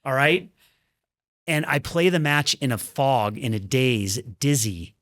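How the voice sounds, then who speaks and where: A man's voice: medium pitch, animated, fairly bright tone, dry recording, clean studio sound. A man and former pro tennis player, a podcast guest, reflecting earnestly on his career in candid storytelling. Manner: earnest, reflective, talks in quick bursts.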